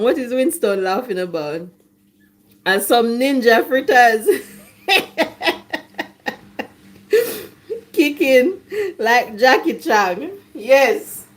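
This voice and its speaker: Slow-talking Jamaican woman, chatty cook. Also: high-pitched, a bit bright. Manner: chatty, jokey, laughs often. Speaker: cooking vlogger. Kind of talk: casual cooking chat. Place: home kitchen.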